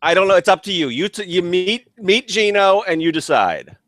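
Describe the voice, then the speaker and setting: Lively, hesitant man hosting a podcast. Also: sits high, moderate pace, no echo, studio quality. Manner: hesitant, stumbling over words. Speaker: podcast host. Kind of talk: casual chat. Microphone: headset.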